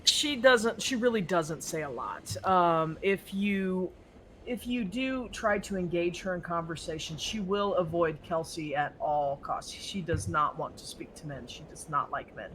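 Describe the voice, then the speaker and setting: High, bright-voiced man running a game. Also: unhurried, a little hiss or hum. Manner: rambling, full of fillers and restarts. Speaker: game master. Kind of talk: narrating a tabletop horror game.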